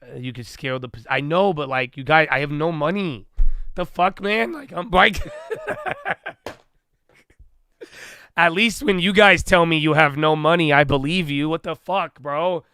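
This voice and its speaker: A man's voice: fairly high pitch, expressive, unhurried, bright, forceful tone, clean tone, no room sound, studio quality. A young man hosting a casual livestream, talking animatedly, swearing freely and acting out his own inner dialogue. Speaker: livestream host.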